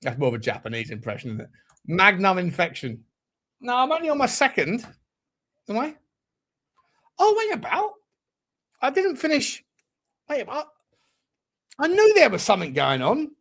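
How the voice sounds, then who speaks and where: A man's voice: high-pitched, huge pitch swings, normal speed, vocal fry, pauses often, a bit bright. A man hosting a live football watchalong for fans, chatting casually, swearing and laughing often. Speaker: fan channel host. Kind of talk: live match watchalong chat.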